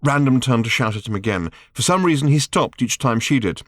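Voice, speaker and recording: A man narrating an audiobook in a wry, measured manner, with his pitch moving lively through each sentence. The recording is dry and close, with no room sound. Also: dry recording. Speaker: author reading own book.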